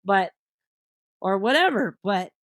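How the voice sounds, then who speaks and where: A woman guest telling a personal story in an interview, animated and often laughing as she talks. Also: mid-range voice, slow, dry recording.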